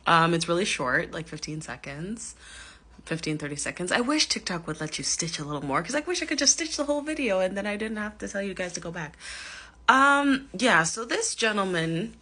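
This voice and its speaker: A woman's voice: mid-range voice, lively intonation, fairly quick, pushed and bright. A woman giving casual commentary on camera, chatty and giggly, with lots of ums and hedging, recorded on a phone. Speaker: vlogger reacting to a clip.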